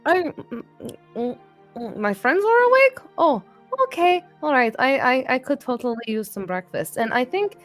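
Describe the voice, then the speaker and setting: A woman's voice: high-pitched, lively intonation, moderate pace, faint music behind, voice pushed up. A woman voicing a bubbly, cheerful young woman who is a morning person and talks sweetly. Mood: sleepy. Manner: bright, chirpy, stammering when drowsy.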